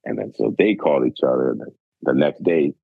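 Brief: Canadian man, 40s, very low husky voice, rambling laid-back storyteller, thin phone-like sound. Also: brisk, dry recording. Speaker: guest, former basketball player. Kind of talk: casual storytelling. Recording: dry, phone-like narrow sound.

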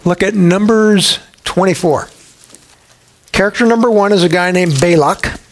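Male pastor, fairly high voice, animated conversational sermon style with playful storytelling. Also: unhurried. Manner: humorous, conversational.

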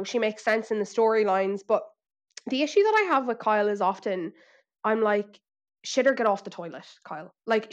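An Irish woman co-hosting a podcast in casual chat, telling animated stories and putting on exaggerated impressions. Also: a little high. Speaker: podcast co-host.

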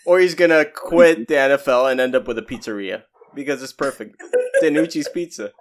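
A man's voice: mid-range voice, a little fast. A man co-hosting a sports podcast, giggly and rambling. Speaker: podcast co-host. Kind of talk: casual sports chat.

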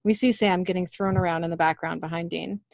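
A woman's voice: on the low side, steady tone, fast, creaky, no echo, clean studio sound. A woman co-hosting a podcast who chats casually and reads scene lines aloud with small laughs while recapping an episode. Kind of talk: casual chat and plot recap.

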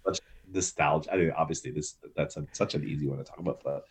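A man co-hosting a podcast in casual chat, relaxed and rambling with many fillers and restarts. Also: very deep voice, fast talker, breathy edge. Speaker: podcast co-host.

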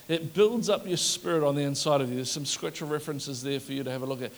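A man's voice: fairly high pitch, fast, fairly bright tone, big-room sound. A man preaching a sermon as a pastor, conversational and joking, asking the congregation questions.

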